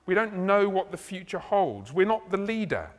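A man delivers a teaching sermon, breaking a passage down in plain, conversational talk with casual asides. His voice sits a little high for a man. The sound carries a long reverb, as in a large hall. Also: sing-song, moderate pace. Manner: conversational, explaining, slips into acted asides. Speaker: preacher. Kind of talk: expository sermon.

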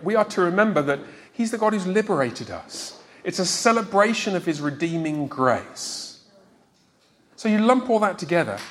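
Emphatic man preaching a sermon. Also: high voice. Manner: emphatic teaching, quizzes listeners.

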